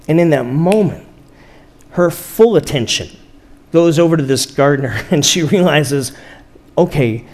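A man preaching a sermon, telling a story in a conversational way with rhetorical questions and slow pauses for emphasis. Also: on the high side. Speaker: pastor.

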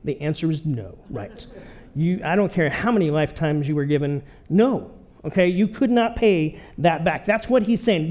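A man's voice: on the high side, expressive, normal speed, a little mellow. A man preaching a sermon in a conversational way, often checking in with his listeners. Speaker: pastor.

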